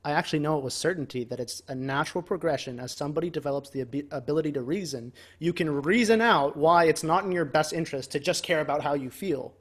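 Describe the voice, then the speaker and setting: A man's voice: a little high, fast, hardly any pauses. A man co-hosting a casual self-improvement podcast, talking in a rambling, emphatic way and swearing freely. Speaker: podcast co-host.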